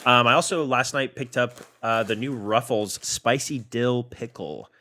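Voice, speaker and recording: A man's voice: medium pitch, measured pace, pushed and bright. A man co-hosting a snack review podcast, a bit congested from allergies, giving easygoing, thoughtful opinions. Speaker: podcast co-host. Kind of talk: casual food review chat.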